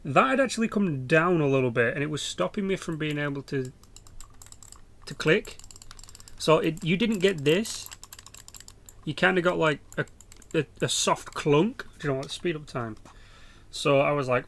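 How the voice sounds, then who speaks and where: Casting note: young English man, gravelly edge, pitched a touch high, rambling sweary gaming banter. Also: moderate pace, fairly bright tone. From England. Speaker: gaming YouTuber. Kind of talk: casual game commentary.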